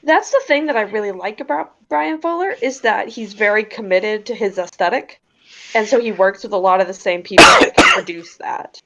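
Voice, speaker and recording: A woman's voice: mid-range voice, a little fast, a bit bright, slight background noise, rough recording. A woman playing a tabletop game, chatting eagerly and casually. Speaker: player. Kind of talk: casual chat at the gaming table.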